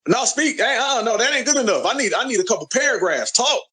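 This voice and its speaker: High-voiced man hyping up a chat room. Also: animated, fast talker, pushed and bright, slightly rough. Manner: hyped, call-and-response, urging others to speak. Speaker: host of an audio chat room. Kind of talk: casual hype talk.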